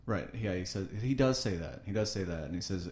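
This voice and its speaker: A man's voice: low voice, lively intonation, a little fast, darkish tone. A man co-hosting a podcast, chatting in an easygoing, agreeable way. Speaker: podcast co-host. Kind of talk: casual chat. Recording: echoey room.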